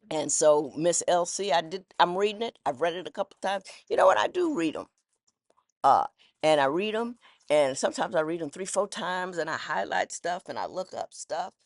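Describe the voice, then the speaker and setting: A woman's voice: on the low side, big pitch swings, normal speed, no room sound, clean studio sound. A woman who was once a judge talks through her thoughts in a casual, candid monologue. She rambles and restarts, and her phrasing is folksy. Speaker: former judge sharing personal reflections.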